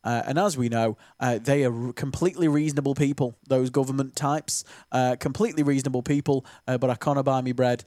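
A man's voice: medium pitch, fairly even intonation, brisk, few pauses, mellow, no echo, clean studio sound. A man from the presenting a morning local radio show, chatty and jokey, with lots of ums and uhs. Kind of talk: breakfast radio chat. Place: radio studio. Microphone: studio microphone.

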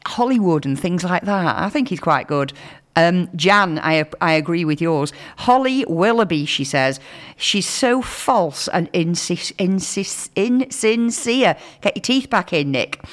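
A woman hosting a local radio show in England, chatting casually and reading out listener texts. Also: lowish voice. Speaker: radio presenter.

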